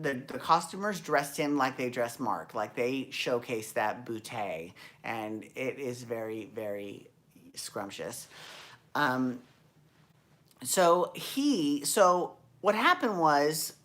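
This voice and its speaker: A woman hosting a casual recap show, rambling and chatty with frequent restarts and the odd swear. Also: low-pitched. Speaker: podcast host recapping dance shows. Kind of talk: casual chat.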